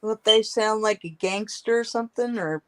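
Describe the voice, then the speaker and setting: A woman in her forties with grown sons, chatting slowly and giggling often on a stream. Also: medium pitch, crowd noise. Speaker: stream guest. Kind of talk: casual chat.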